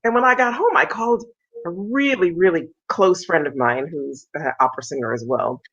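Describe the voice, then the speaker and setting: A woman's voice: fairly low pitch, moderate pace, husky. A woman, a soprano interviewed on a video call, telling a story and acting out the lines of the people in it. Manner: animated storyteller, acts out quoted lines in a raised voice. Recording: dull lo-fi sound.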